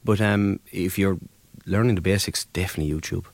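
A man's voice: sits low, fairly even intonation, fairly quick, vocal fry, no room sound. An Irish man, a DJ guest on a radio show, chatting easily and telling stories with plenty of ums. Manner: easygoing storyteller, many ums and mates. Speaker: DJ and producer guest. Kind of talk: casual radio interview chat. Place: radio studio.

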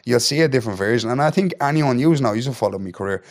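A man's voice: mid-range voice, lively intonation, fast talker. A man in his thirties with a Dublin accent, a guest on a podcast chatting bluntly and swearing freely, often tagging "do you know what I mean". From Ireland. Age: 30s. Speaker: guest, professional fighter. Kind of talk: casual podcast chat.

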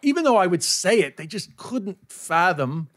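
A man's voice: sits high, sing-song, moderate pace, a bit bright, dry recording, studio quality. A man with an American accent, a comedian talking as a podcast guest in a frank, self-mocking way with plenty of swearing. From New York, USA. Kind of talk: candid casual chat.

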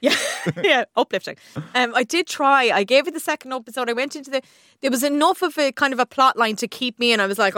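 An Irish TV and film reviewer chats casually on the radio in a high-pitched, lively voice with a quick pace and sharp tone. She laughs often and restarts her sentences, captured in clean studio sound with no room echo.

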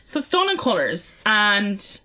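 A woman's voice: medium pitch, measured pace. A woman, co-hosting a podcast in casual, chatty talk and telling stories with animation. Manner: chatty, animated storytelling, swears freely. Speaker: podcast co-host. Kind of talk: casual chat.

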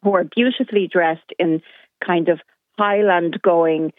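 A woman's voice: on the low side, a little slow, no echo. Indignant woman on a phone line. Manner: indignant, animated storytelling. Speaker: caller. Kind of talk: phone-in call. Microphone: telephone.

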